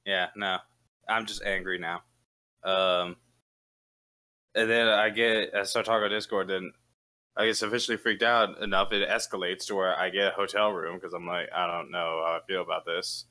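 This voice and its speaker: A man with a very low yet bright, forceful voice in casual group chat. He talks bluntly and grumbles, with plenty of swearing. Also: little pitch movement, moderate pace.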